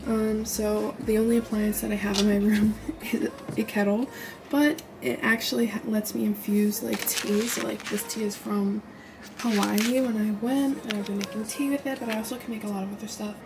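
A woman's voice: medium pitch, level tone, normal speed, gravelly, background noise. A college-age woman casually showing off her small dorm room in a chatty vlog, with lots of "like" fillers. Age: early 20s. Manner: chatty, lots of "like", says she is winded. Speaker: college student vlogger. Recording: music playing under the voice. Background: music.

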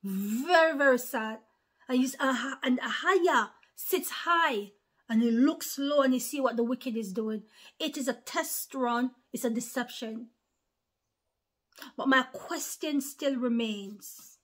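A woman preaching an informal sermon to online followers. She talks earnestly, repeats herself, calls listeners brothers and sisters, and swings between hushed whispers and emphatic raised lines. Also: high-pitched, takes it slowly.

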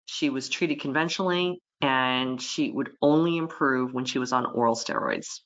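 A woman veterinarian walks her audience through a webinar lecture in a lively way, slipping into the animals' inner thoughts as she goes. Her voice is bright and forward. The audio is dull and lo-fi, like a typical webinar capture. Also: very deep voice, normal speed.

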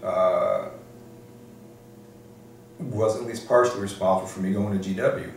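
This older Detroit man, a law librarian, recounts career stories for an oral history, thinking aloud with many "um"s and restarts. His voice sits on the low side, steady in tone and measured in pace. It was recorded from a distance in an echoey room with faint background noise.

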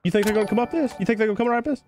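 This livestream gamer talks in a high-pitched, rapid-fire way, with a bit of hiss or hum in the background. He's a young man from North Carolina, Southern twang and all, playing a shooter live, chatting away with his audience and loudly excited by what happens on screen.

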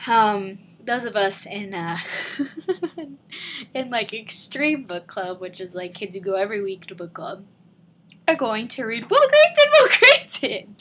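Teenage girl, gushing fan vlog, sharp bright tone, faint room hum. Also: mid-range voice, measured pace. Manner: giggly, gushing, rambling. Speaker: vlogger. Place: living room at home.

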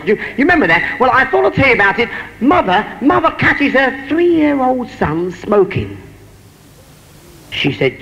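A man's voice: very high voice, big pitch swings, a little fast, pushed and bright, dull audio. A man doing stand-up, telling jokes to a live audience with chatty, teasing asides. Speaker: stand-up comedian. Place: live venue on stage. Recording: hall reverb, faint noise.

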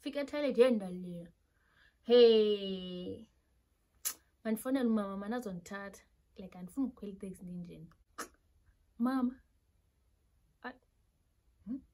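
A young South African woman with a South African accent telling a personal story in an animated, casual way. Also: medium pitch, fairly quick, long pauses. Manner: animated storytelling, switching between Xhosa and English. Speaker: YouTuber.

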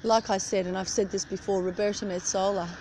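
A woman's voice: mid-range voice, fairly even intonation, brisk, darkish tone, poor audio. A middle-aged woman chatting casually while she walks outdoors in the cold, rambling from one thought to the next as she films on her phone. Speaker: vlogger. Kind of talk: casual chat. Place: outdoors on a street at early morning. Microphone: phone camera held while walking. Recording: street traffic noise behind.

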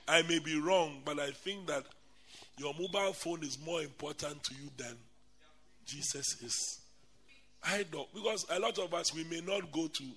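A man, a bishop preaching a lively storytelling sermon at a church camp, who laughs often and talks straight to his audience. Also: high voice. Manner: animated, laughing often, addresses the audience directly.

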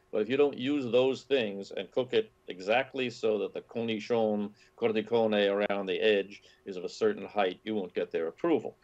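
A man with a lowish voice, interviewed as a food writer. He tells stories in an animated way and keeps stopping to say "uh" and "um" and restart. The audio is dull and lo-fi. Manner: animated storytelling with many fillers and restarts. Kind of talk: interview conversation.

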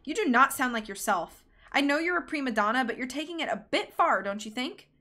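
A woman's voice: sits high, lively intonation, fairly quick, bright, forceful tone, pitched above the performer's own voice. A woman reading aloud, voicing a blunt, sheepish young man. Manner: blunt, then muttering.

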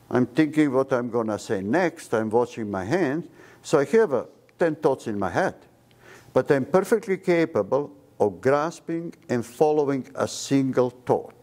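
Speaking at medium pitch, an emphatic doctor lectures an audience on medicine in a seminar room. Animated throughout, he drops articles and hits key words hard.

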